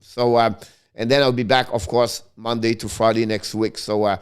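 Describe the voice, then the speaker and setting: An eager middle-aged man chats loosely through a live sports stream. His voice is smooth and resonant, held at an everyday middle pitch. He keeps stopping mid-phrase to correct himself. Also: moderate pace. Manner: excitable, restarts and self-corrections. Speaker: hockey live-stream host. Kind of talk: casual live-stream talk.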